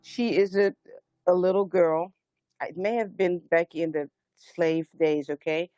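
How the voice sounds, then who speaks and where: A woman's voice: fairly low pitch, steady tone, a little slow, dark tone, no echo, lo-fi sound. A woman hosting a live spiritual stream, telling stories earnestly and rambling with many restarts, urging listeners to stand strong. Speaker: host of a live sound healing stream. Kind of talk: spiritual livestream talk.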